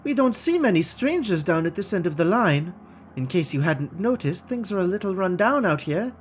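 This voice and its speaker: A man's voice: sits high, big pitch swings, normal speed, a little hiss or hum, voice pushed up. A man voicing a matronly, kindly middle-aged female food cart vendor in a game, homely and chatty. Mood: wary.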